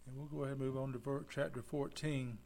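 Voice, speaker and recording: A man's voice: medium pitch, level tone, quick pace, creaky, a little mellow. A man preaching a folksy sermon as pastor, acting out the people he quotes. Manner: folksy, acts out quoted voices.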